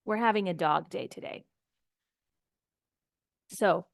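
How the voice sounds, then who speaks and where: A woman's voice: mid-range voice, takes it slowly, pauses often, fairly bright tone, no echo, studio quality. A woman teaching an English grammar lesson, explaining patiently and repeating example phrases to model pronunciation.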